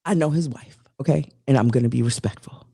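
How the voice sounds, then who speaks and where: A woman's voice: a bass voice, fairly quick, vocal fry, husky, dry recording, studio quality. A woman co-hosting a casual talk show, telling a long, rambling story full of restarts and asides. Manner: animated, rambling, restarts stories. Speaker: co-host.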